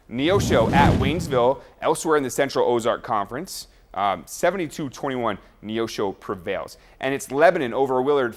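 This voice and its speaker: A man hosts a sports show, delivering high school football highlights with lively play-by-play and humorous asides. There's a little hiss or hum in the audio.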